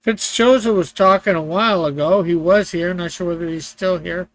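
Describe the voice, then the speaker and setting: A man's voice: high-pitched, fairly even intonation, normal speed. A man hosting a livestream while he colors, chatting casually with viewers and laughing to himself. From Canada. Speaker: livestream host.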